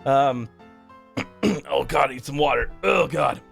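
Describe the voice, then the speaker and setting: A man's voice: medium pitch, measured pace, vocal fry, a bit bright, soft background music. A man streaming a rambling, profane recap of a game's story, full of restarts. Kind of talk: casual game story recap.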